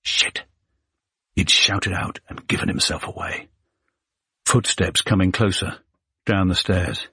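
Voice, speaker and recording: A man narrating a suspense thriller audiobook with measured, suspenseful pacing. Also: low voice, steady tone, bright, forceful tone, husky, no room sound, clean studio sound.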